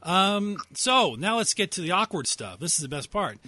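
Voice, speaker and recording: Bright, easygoing talk-show host. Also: medium pitch, big pitch swings, moderate pace, no room sound. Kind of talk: casual interview chat.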